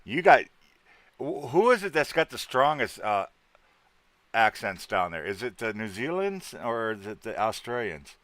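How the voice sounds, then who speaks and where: A man's voice: medium pitch, very animated, unhurried, a bit bright, dry recording. A man from Wisconsin chatting casually with his livestream viewers in a rambling, folksy way, with a salty word here and there.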